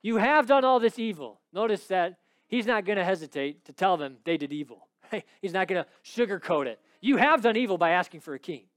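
Guy preaching a sermon, goes way up on the big points then drops low, dry close sound. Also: a little fast, no room sound. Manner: animated, rises high when stressing a point, then drops low and quiet.

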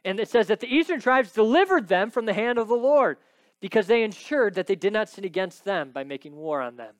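A man's voice: high-pitched, expressive, brisk, dry recording. A man preaching a sermon, teaching emphatically and often checking in with his listeners. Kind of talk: sermon with scripture reading.

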